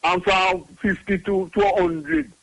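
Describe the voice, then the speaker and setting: A man's voice: high-pitched, expressive, unhurried, vocal fry, a bit bright, rough recording. A man calling in, rambling and talking over the host. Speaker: caller.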